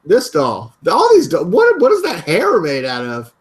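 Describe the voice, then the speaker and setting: A man co-hosting a live political web show, reading aloud and reacting with animated, incredulous exclamations. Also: high voice, a little slow, poor audio. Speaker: co-host.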